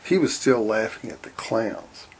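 A man reading a children's-style story aloud in a deadpan, matter-of-fact way. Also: on the low side, a little slow, vocal fry, breathy edge. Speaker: narrator.

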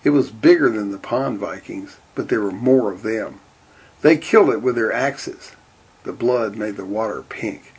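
A man reading a storybook aloud in a steady, deadpan way. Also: lowish voice, moderate pace, husky. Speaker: narrator.

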